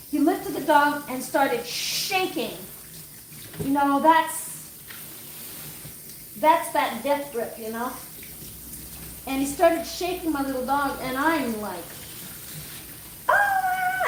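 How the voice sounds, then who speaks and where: Recorded far from the mic in an echoey grooming room with slight background noise, a middle-aged woman from Canada chats on a livestream. The dog groomer's high, expressive voice moves slowly as she tells a rambling story, stopping to correct herself.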